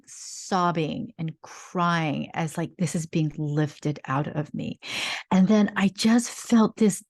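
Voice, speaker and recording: A woman's voice: lowish voice, darkish tone. A woman hosting a podcast, telling a personal story in an earnest, heartfelt way with lots of "like" fillers. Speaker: podcast host.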